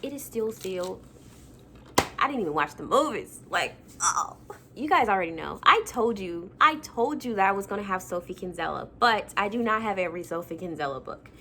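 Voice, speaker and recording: A woman's voice: medium pitch, expressive, fairly quick, bright, forceful tone, a little hiss or hum. A young woman vlogging casually about her childhood books, chatty and self-mocking with lots of fillers. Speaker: book vlogger. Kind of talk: casual chat.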